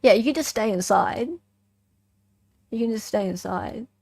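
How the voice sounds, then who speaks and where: An Australian woman hosting a casual true-crime commentary in a fairly high voice. She sounds animated and sarcastic and keeps firing "right?" at her listeners. The sound is dry, with no room echo. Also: a little slow, breathy edge.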